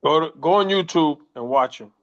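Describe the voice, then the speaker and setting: Older guy, ex-boxer swapping stories, swears a lot, kinda high voice, muffled lo-fi sound. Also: normal speed. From United States. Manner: profane, animated anecdotes with quoted voices. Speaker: former boxer, interview guest. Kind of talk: casual storytelling interview. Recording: muffled lo-fi audio.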